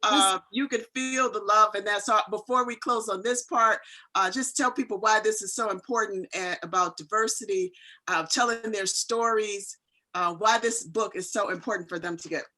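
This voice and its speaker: Interview host, virtual book talk, mid-pitched voice, bright sound, short affirming replies. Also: moderate pace, low-quality recording.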